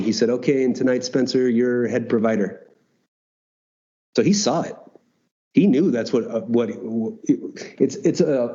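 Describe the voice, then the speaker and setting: A man with a warm, dark tone tells a story as a podcast guest. He talks casually and with animation, acts out bits of dialogue and swears now and then. The audio is dull and lo-fi. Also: medium pitch, slight background noise. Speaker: guest, retreat founder.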